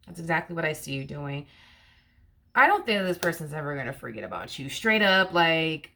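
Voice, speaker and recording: A woman's voice: low voice, creaky, sharp tone. A woman giving a casual tarot reading to camera, repeating herself with rhetorical questions and many fillers. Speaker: tarot reader.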